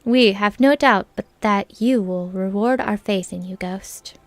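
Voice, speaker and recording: A woman's voice: medium pitch, a little slow, no echo, soft background music, close to an everyday voice. A woman voicing a gracious elder woman who leads a forest city, reading formal lines aloud with small stumbles. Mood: solemn.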